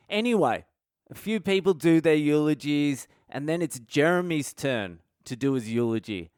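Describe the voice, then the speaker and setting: Man, podcast host, candid profane storytelling, smooth clear voice, fairly high pitch. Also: no room sound, studio quality. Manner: profane, candid, laughs at his own story. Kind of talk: casual storytelling monologue.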